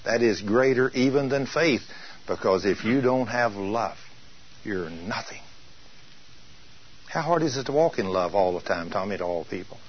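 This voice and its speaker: A male preacher giving an emphatic sermon, drawing out scripture quotes slowly for weight. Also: lowish voice, lively intonation, lo-fi sound, slight background noise.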